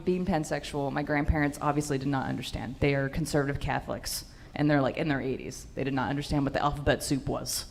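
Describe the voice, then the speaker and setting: A woman's voice: sits low, slight background noise. A young woman doing a stand-up set in a comedy club, brash and profane with punchy delivery into a handheld mic.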